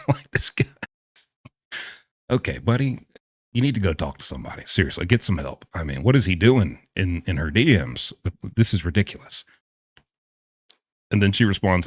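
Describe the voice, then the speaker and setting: A man's voice: deep voice, expressive, brisk, no echo, clean studio sound. A man hosting a casual commentary video, talking in a sarcastic, exasperated way with scoffing remarks. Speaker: true-crime commentary host.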